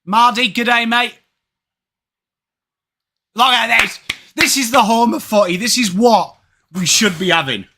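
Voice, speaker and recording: English bloke on a live footy stream, chatty, high bright voice, shouts out to chat by name. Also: male voice, expressive, normal speed, breathy edge. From England. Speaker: watch-along streamer.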